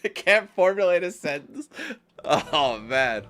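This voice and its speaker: Animated, profane male gaming commentator. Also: on the high side, moderate pace. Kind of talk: casual let's-play commentary. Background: game music and sounds.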